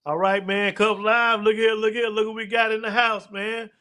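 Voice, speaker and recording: A man with a high-pitched, bright, forceful voice hosts a live show with a level tone, talking loosely and in a drawn-out, casual way. He constantly tosses in "man" and "look here."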